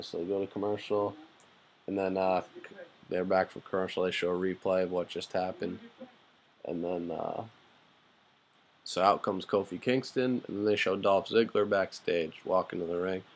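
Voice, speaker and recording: A man giving a casual, rambling spoken recap of a wrestling show, full of fillers and blunt, profane asides. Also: low voice.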